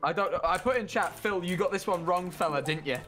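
A man's voice: sits high, brisk. A young man playing a game with a friend, telling jokey stories. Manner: playful, telling stories in an exaggerated local accent. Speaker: co-player. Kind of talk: casual gaming chat. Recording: stream with game music underneath.

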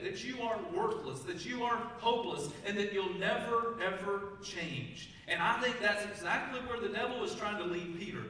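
Male pastor, bright and high, conversational sermon, recorded from a distance in an echoey sanctuary with faint room noise. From Texas. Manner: conversational preaching, asks the congregation questions. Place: church sanctuary. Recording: echoey church hall, mic from a distance.

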